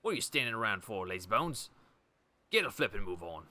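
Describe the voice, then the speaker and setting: A man voicing a cheeky small male fairy sidekick from a game, loud and full of slang. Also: on the low side, sing-song, brisk, full character voice. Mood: bossy. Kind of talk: reading game dialogue aloud in character.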